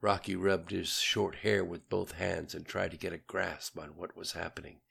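A man narrating an audiobook in a low, even reading voice. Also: normal speed, vocal fry, breathy edge. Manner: low, even dialogue tags.

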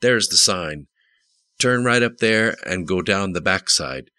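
A man voicing a calm, polite young male federal agent who speaks firmly. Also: deep voice, measured pace, clean tone, no room sound, heavily acted. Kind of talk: audiobook character voice.

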